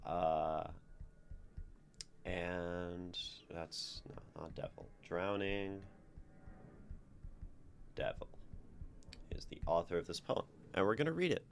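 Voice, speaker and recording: A man's voice: deep voice, takes it slowly, long pauses, slight background noise. A man streaming a casual poetry critique, chatting in a rambling way with restarts and tag questions. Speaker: streamer reviewing community writing.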